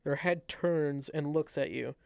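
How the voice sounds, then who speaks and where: Man, game master, descriptive narration, halting restarts, dry sound. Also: on the high side, vocal fry, smooth, no room sound, muffled recording. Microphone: headset.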